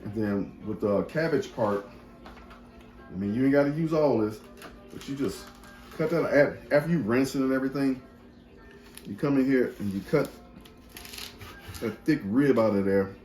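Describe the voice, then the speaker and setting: A man's voice: medium pitch, normal speed, pauses often, darkish tone, soft background music. A man hosting a casual cooking demonstration in a kitchen, folksy and chatty, talking straight to his viewers. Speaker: cooking show host.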